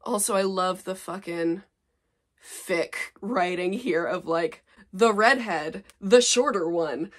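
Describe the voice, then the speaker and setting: A woman's voice: on the low side, measured pace. Woman in her twenties, sarcastic vlogger reading old fanfic, self-mocking. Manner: sarcastic, exasperated, laughing at herself.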